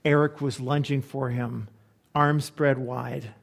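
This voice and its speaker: A male pastor delivering a sermon in a mid-pitched voice. He tells a story at an unhurried, earnest pace and lets his voice drop soft and quiet when he reflects. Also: steady tone, creaky. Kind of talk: sermon with a read-aloud story.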